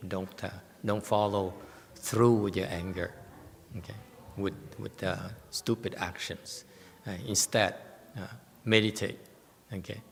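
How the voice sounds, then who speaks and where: A man teaching meditation in an informal talk, speaking haltingly with many restarts and repeated words. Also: fairly low pitch, fairly even intonation, vocal fry. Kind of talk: informal dharma talk with questions. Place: meditation hall. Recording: long hall reverb.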